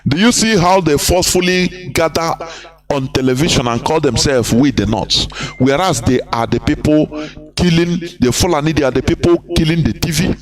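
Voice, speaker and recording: Male broadcaster, high pitch, fiery and rhetorical. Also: a little fast, soft background music. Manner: impassioned, rhetorical questions, mixes in Igbo phrases. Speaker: activist broadcaster. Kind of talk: live broadcast political commentary.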